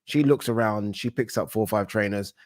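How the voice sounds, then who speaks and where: A British man hosting a casual boxing livestream, chatting excitably, swearing casually and reading out viewer messages. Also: lowish voice, a little fast, no echo, studio quality.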